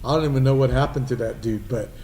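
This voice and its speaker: A podcast host with a medium-pitched, dark voice talks fast, swearing as he tells casual stories and voices the people he quotes. It's a live show at a restaurant, recorded remotely with faint noise.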